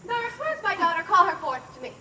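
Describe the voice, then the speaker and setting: A woman playing a formal, commanding noblewoman mother, with a measured verse delivery in outdoor Shakespeare stage acting. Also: very high-pitched, very animated, sharp tone, slight background noise, heavily acted.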